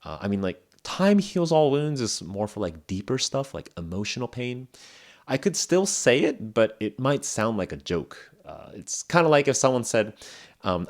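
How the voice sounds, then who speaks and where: A young man hosting an English lesson podcast, explaining phrases in a relaxed, chatty way with acted examples. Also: lowish voice, moderate pace. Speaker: English podcast host and teacher. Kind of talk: casual spoken English lesson.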